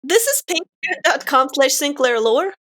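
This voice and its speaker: A woman co-hosting a podcast in casual chat, excitable and prone to wandering off onto tangents. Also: sits high, unhurried. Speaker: podcast co-host.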